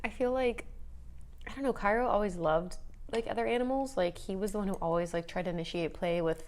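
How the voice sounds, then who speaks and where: A young woman co-hosts a relaxed eating video from a couch indoors. She talks in quick, filler-heavy bursts and breaks into giggles often. Her voice sits at an ordinary middle pitch. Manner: giggly, chatty, lots of "like". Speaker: co-host. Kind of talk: casual chat while eating.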